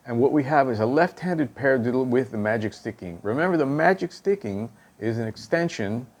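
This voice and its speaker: A male drum instructor explaining stick technique, counting and calling out stickings and checking in with "okay?" after each point. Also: medium pitch. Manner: counts and calls out stickings aloud.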